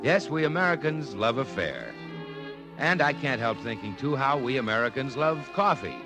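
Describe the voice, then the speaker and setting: A man reading a scripted commercial as a 1940s radio announcer, smooth and earnest. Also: mid-range voice, big pitch swings, moderate pace. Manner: smooth, earnest salesman delivery. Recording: old radio broadcast under loud music.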